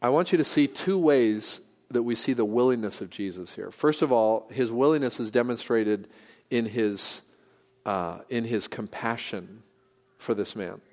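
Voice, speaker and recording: A middle-aged man delivers a sermon in a church at an ordinary, middle pitch for a man. He talks earnestly and conversationally, pausing and restarting as he goes. His voice trails off into a long hall reverb. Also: darkish tone. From San Francisco Bay Area, California. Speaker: pastor. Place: church sanctuary.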